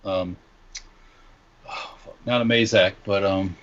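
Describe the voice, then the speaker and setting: A man co-hosting a casual podcast, rambling and halting with lots of fillers. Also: low-pitched, fairly even intonation, a bit bright, highs cut off. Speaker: podcast co-host.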